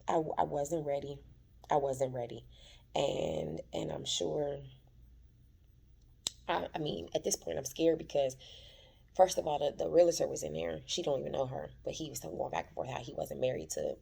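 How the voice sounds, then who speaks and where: Woman, husky, gravelly, chatty TV recap, dramatic storytelling. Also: deep voice, normal speed, dark tone. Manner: chatty, dramatic retelling, calls listeners "child". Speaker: TV recap vlogger. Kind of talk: casual TV episode recap. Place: at her workplace.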